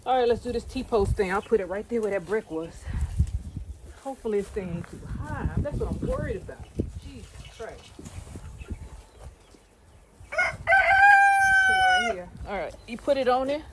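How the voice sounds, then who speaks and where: A woman's voice: fairly high pitch, big pitch swings, a little fast, very noisy. A woman vlogging on her homestead, talking to herself and her animals while building a shelter, out of breath from the work. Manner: mutters to herself and her animals, outdoor chores. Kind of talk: casual self-talk while working. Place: outdoors on a homestead.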